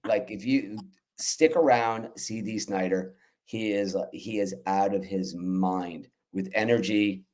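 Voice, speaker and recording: A man's voice: on the low side, slow pace, darkish tone. A man, a festival organizer guest, telling loose stories with fillers and cursing over a remote call. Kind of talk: casual podcast chat.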